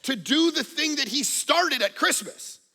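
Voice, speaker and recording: Gravelly, bright-voiced middle-aged male pastor. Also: very high-pitched, a little slow. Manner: animated storytelling, swings from hushed to shouting. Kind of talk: sermon.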